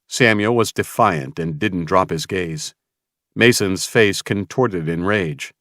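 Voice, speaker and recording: A man's voice: deep voice, slow, fairly bright tone, no room sound, clean studio sound. A man narrating a tense audiobook in a dramatic storytelling manner.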